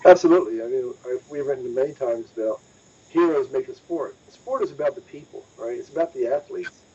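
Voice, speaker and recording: A man's voice: mid-range voice, a little fast, mellow, a little hiss or hum. A man hosting a motorsports podcast, talking casually and emphatically and repeating points for stress. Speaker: motorsports news podcast host. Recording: dull lo-fi audio.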